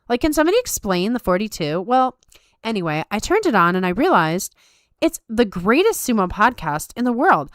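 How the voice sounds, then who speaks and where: A woman putting on a ditzy, airheaded Valley Girl who gushes and says "like" at every turn, her voice pitched up and loud. The sound is smooth and close, in a dry room. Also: no room sound, lightly acted. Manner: bubbly, airheaded, lots of "like". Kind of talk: comic live-stream bit.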